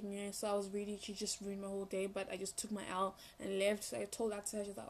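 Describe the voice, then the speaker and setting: A young woman telling a rambling, animated story in a casual vlog, full of fillers and restarts. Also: medium pitch, fast, hardly any pauses. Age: young adult. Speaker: vlogger.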